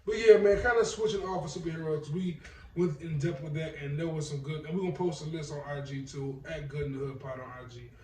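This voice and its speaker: Brief: excitable co-host man, slangy banter, a touch high, recorded far off in a roomy space. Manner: excitable, slangy, quick to laugh. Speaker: podcast co-host. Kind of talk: casual chat. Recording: roomy room, distant mic, faint noise.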